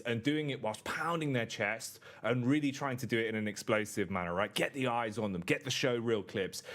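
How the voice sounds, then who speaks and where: A man casting esports, playful and teasing with his co-hosts. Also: medium pitch. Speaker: esports caster. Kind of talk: esports analysis desk chat.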